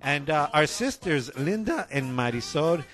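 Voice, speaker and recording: A man's voice: fairly high pitch, very animated, moderate pace, fairly bright tone, faint music behind. A middle-aged man, co-hosting a radio show in laid-back, slangy, playful chatter. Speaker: radio co-host. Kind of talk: casual radio banter.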